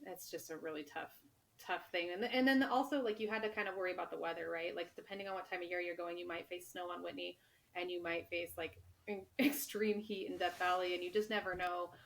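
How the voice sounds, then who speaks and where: A woman's voice: lowish voice, fairly even intonation, brisk, gravelly, rough recording. Chatty woman telling trail stories. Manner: chatty storytelling, laughs often. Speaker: author and guest. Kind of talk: casual podcast interview.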